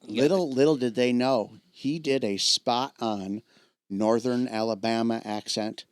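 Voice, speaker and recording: Man, podcast co-host, wry, joking, mid pitch, dry sound. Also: a little slow, smooth, no echo. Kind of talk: casual chat.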